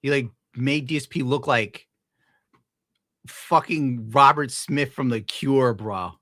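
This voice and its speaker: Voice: mid-range voice, slow, a bit bright, no echo, clean studio sound. A streamer giving casual, profane, mocking commentary while reacting to clips.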